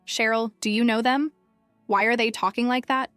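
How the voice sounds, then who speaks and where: A woman's voice: a little high, steady tone, normal speed, fairly bright tone, clear, resonant tone, no echo, faint music behind, close to an everyday voice. A woman voicing an eager, earnest young boy who fiercely protects his sister. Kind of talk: storybook narration.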